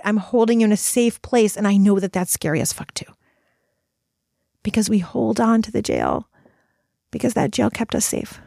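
A middle-aged woman podcast host speaking in a casual, animated motivational monologue, full of fillers and swearing. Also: fairly high pitch, dry recording, clean studio sound. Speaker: podcast host and retreat coach. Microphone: studio microphone.

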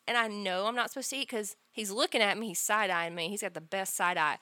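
A woman's voice: fairly high pitch, brisk, hardly any pauses, no room sound. A woman hosting a podcast, telling funny stories in casual chat with lots of laughter and some swearing. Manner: laughing, animated storytelling with profanity. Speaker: podcast host.

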